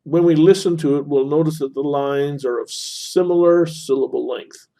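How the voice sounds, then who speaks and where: A man's voice: on the high side, moderate pace, hardly any pauses, dark tone. A man teaching a literature lesson over a screen recording, explaining as he annotates, with frequent fillers and self-corrections. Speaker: instructor.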